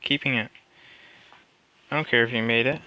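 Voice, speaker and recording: Bright-voiced cocky male streamer. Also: mid-range voice, fairly even intonation, moderate pace, a little hiss or hum. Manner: cocky, joking banter, reads game text aloud. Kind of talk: playing a text adventure game live.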